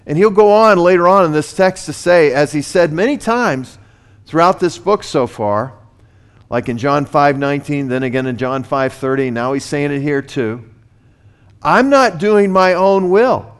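A man's voice: on the high side, normal speed, smooth. A man preaching a sermon, earnest in tone, building in force on his key points. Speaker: pastor.

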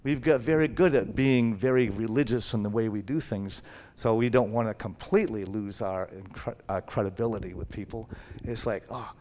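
A male preacher speaking in a loose, conversational way, with frequent "it's like" fillers. His voice climbs to loud emphatic bursts and then drops to soft, almost whispered lines. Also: mid-range voice, a little hiss or hum. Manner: conversational, repeats "it's like", swings from loud to hushed. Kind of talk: sermon.

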